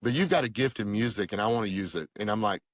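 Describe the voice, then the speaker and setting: A man's voice: fast talker, no echo. A middle-aged man, telling his faith story earnestly as a podcast guest and acting out the dialogue he recalls. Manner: earnest storytelling, acting out quoted dialogue with lively pitch jumps. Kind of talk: personal testimony in conversation.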